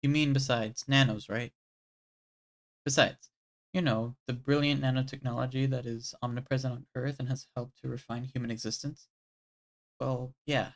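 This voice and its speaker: A streamer reads a game's dialogue aloud on a live stream. The voice sits in a middle pitch and stays animated, jumping to loud outbursts and then sinking into a low, murmured reading tone. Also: moderate pace.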